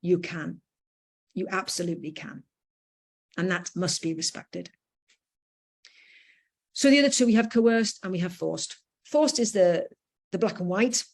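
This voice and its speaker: A British woman gives a lecture in a firm, emphatic manner, stressing key points and dropping in fillers. Her voice sits somewhat low. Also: lively intonation, measured pace, pauses often, darkish tone. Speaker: educator giving a talk.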